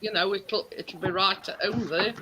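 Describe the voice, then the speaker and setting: A woman's voice: medium pitch, fairly even intonation, normal speed, a loud crowd, low-quality recording. A woman, hosting a casual chat and telling stories with frequent laughs. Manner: chatty storyteller, laughs often. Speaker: host.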